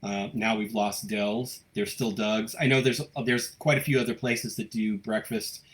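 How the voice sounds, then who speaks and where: The host of a local news livestream chats casually and reads viewer comments aloud, full of fillers and restarts. His voice is on the low side and a bit bright, with little pitch movement and a moderate pace.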